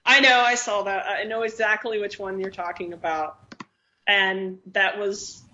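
Excitable woman podcaster, swearing freely. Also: medium pitch, measured pace. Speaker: podcast co-host. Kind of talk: casual chat. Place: living in Australia. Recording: slightly dull lo-fi podcast audio.

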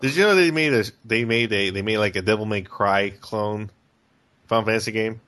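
A man's voice: fairly low pitch, a little fast. A man co-hosting a podcast, chatting casually and reacting with lots of exclamations. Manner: excitable, reacts with frequent exclamations. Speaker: podcast co-host. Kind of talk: casual chat.

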